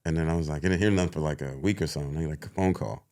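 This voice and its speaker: A man in his thirties, an actor guest on a podcast, telling animated stories, laughing often and acting out other people's lines. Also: racing. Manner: laughs often, acts out others in high voices. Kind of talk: animated storytelling.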